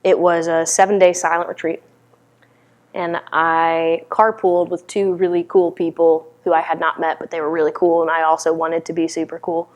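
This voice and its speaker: A woman's voice: sits low, level tone, moderate pace. Candid woman giving a dharma talk. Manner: candid, conversational storytelling. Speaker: meditation teacher.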